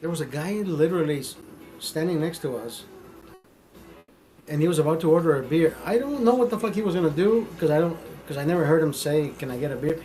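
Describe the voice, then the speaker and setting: Profane, animated male stream host. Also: on the high side, brisk, faint music behind, rough recording. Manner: profane, animated storytelling with repetitions. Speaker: livestream host. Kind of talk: casual live-stream talk.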